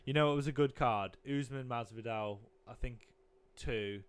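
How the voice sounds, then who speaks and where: A man chatting casually on a podcast, making quiet low-key remarks. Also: moderate pace, crowd noise. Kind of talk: casual chat.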